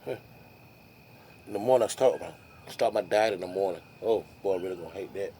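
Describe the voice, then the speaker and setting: A man's voice: deep voice, brisk, mellow, slight background noise. A man vlogging to camera, telling a rambling story in a casual, musing way with frequent restarts.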